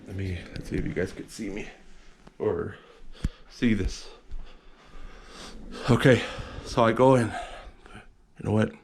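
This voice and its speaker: A man's voice: lowish voice, creaky, a little hiss or hum. A man casually telling a personal story to the camera, rambling and repeating words, sometimes acting out other people in a whisper.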